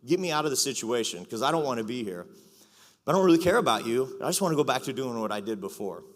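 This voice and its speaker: A man's voice: mid-range voice, very animated, fast talker. A man voicing a selfish male criminal who scoffs and makes demands. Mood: scoffing. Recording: echoey hall reverb.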